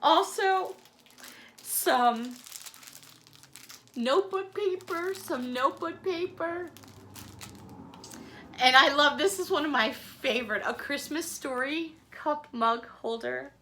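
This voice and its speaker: A woman vlogger chatting to camera as she opens fan mail, warm-hearted, apologetic and close to tears, with little laughs. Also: high-pitched, slow, pauses often, a little hiss or hum. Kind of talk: casual chat to camera.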